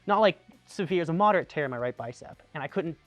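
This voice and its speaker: Fast-talking and fairly high-pitched, a young man from Tucson, Arizona, who served in the army, chats animatedly through casual stories, restarting often and saying "like" a lot. The recording is dry, with soft music playing behind him.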